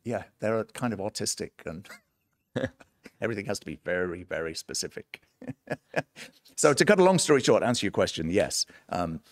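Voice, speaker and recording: A middle-aged man with a mostly British accent, a guest in a casual interview, telling animated stories with laughs. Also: fairly low pitch, normal speed, pauses often, no echo. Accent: British, mostly, after long years in the United States. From United Kingdom. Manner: animated storyteller who laughs often and acts out quoted voices. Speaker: guest, entrepreneur and songwriter.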